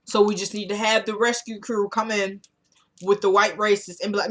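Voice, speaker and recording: A woman's voice: mid-range voice, little pitch movement, fairly quick, fairly bright tone. Chatty woman recapping a TV episode. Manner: chatty, laughs often, acts out characters' lines.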